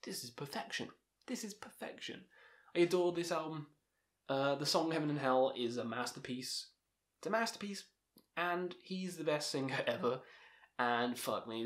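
A man ranking heavy metal albums in a casual vlog, talking with emphatic, profane enthusiasm. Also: a little high. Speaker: music reviewer.

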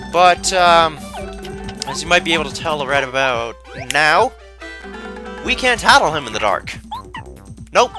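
A man giving casual let's play commentary, rambling and joking at himself. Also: a little high. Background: game music.

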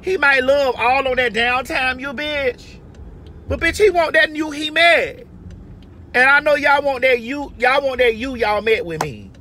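Loud brassy woman ranting advice in her car, high bright voice, cusses a lot. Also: unhurried, slight background noise. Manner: brash, profane, emphatic advice-giving. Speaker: vlogger giving advice. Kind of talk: casual car chat monologue. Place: inside a parked or moving car.

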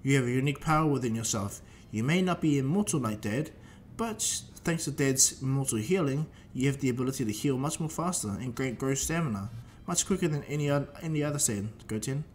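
A man's voice: mid-range voice, expressive, fairly quick, few pauses, slight background noise, close to an everyday voice. A man voicing a friendly, reassuring young adult fighter and older brother.

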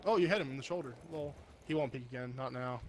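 A man's voice: mid-range voice, fast talker, a little hiss or hum. A man streaming a shooter game, chatting casually with a teammate and teasing him dryly. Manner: teasing, laughing, dry. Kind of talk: casual gaming commentary.

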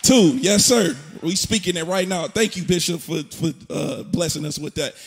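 A young man gives an excited, preacher-like tribute to his mother at a church event, repeating phrases as he builds up. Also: a little high, moderate pace, husky. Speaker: son of the honoree, musician.

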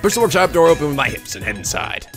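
A man's voice: a little high, big pitch swings, racing, fairly bright tone, faint music behind. A man hosting a let's play, reading a visual novel aloud with playful, theatrical delivery, often giggling.

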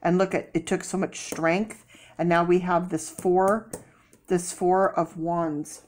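A woman giving a casual tarot reading, chatty with many fillers and sudden excited bursts. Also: lowish voice, takes it slowly. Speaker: tarot reader.

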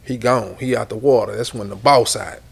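A middle-aged rapper from Houston, Texas, with a Southern Houston accent, tells long rambling stories in a casual interview, repeating words and swearing often. His lowish voice is brisk, gravelly and slightly rough.

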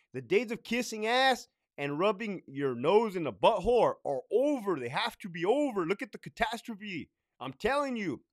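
A man's voice: sits high, dry recording, studio quality. A man in his thirties, a former prison lieutenant, ranting in a profane storytime style and laughing between points. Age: 30s.

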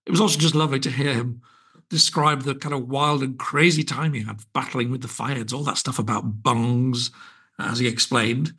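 A man's voice: medium pitch, fairly even intonation, normal speed, sharp tone, breathy edge. A British man hosting his podcast alone, chatting in a wry, rambling way full of small asides. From Britain. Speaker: podcast host. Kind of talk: casual solo podcast chat.

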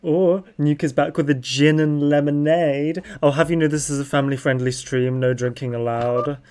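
A man's voice: a little high, fairly even intonation, moderate pace, darkish tone, slight background noise. A man streaming a game, chatting playfully and giggling, with sudden yelps when things go wrong. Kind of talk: casual gaming chat.

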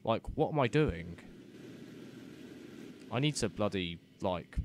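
A man's voice: lowish voice, expressive, slow, slight background noise. Flustered young man gaming commentary. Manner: flustered, self-mocking, swears under his breath, sudden loud outbursts. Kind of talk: let's-play commentary.

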